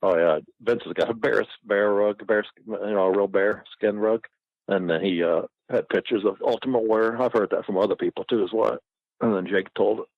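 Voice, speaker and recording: Gravelly-voiced rambling male storyteller. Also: on the low side, a little fast, no echo. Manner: rambling, profane, laughs often. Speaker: guest. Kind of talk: casual storytelling. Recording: dull lo-fi recording.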